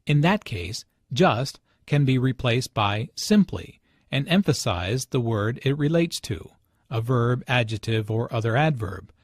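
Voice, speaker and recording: Slow, measured male lesson narrator. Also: medium pitch, breathy edge, no room sound, clean studio sound.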